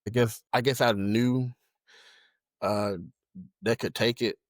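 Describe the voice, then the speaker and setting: Young guy on a podcast, lots of ums and restarts, mid pitch, dry close sound. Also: steady tone, no echo. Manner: halting, many fillers and restarts. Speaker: podcast guest. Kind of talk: casual conversation.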